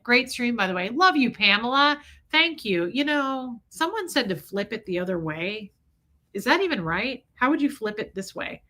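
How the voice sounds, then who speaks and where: A woman chatting on a live stream in a slightly high, very bright voice. She tells stories with animated energy, reads out viewer comments and swears casually.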